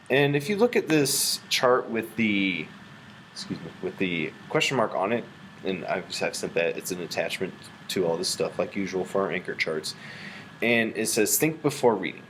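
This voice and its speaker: Animated male teacher reading aloud. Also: low voice, slight background noise. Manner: animated, reads aloud with a rising expressive voice. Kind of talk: recorded reading lesson.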